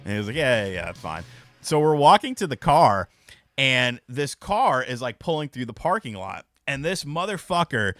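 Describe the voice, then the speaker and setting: Young male streamer, bright animated delivery, loose storyteller who swears. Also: mid-range voice, moderate pace, dry recording, studio quality. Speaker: live stream host. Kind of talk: casual live stream chat.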